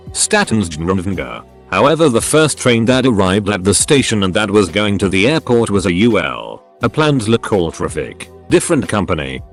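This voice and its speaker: A man narrating reader-submitted stories in a steady, even read-aloud manner. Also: fairly low pitch. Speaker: story narrator.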